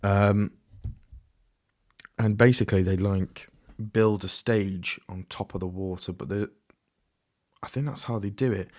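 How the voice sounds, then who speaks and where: A man's voice: lowish voice, fairly even intonation, unhurried, long pauses, darkish tone, no echo, studio quality. A man hosting a solo podcast in a casual, rambling way, often restarting and trailing off into asides. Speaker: podcast host.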